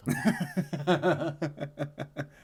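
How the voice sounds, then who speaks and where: A man reacting out loud to an anime episode, laughing, swearing and talking back to the screen. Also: a little high, fairly even intonation, drawn-out words, husky. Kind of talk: casual reaction commentary.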